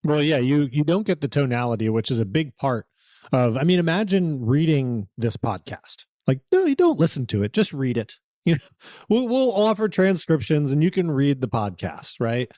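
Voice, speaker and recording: A man co-hosts a podcast, sharing his opinions plainly in casual chat and laughing easily. His voice is on the high side with big pitch swings and a darkish tone, at a moderate pace, captured dry with clean studio sound.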